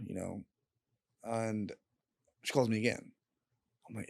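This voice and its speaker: A young man, a podcast guest, telling a painful personal story in a candid, halting way and swearing freely. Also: on the low side, fairly even intonation, gravelly, no room sound, studio quality. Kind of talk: casual storytelling.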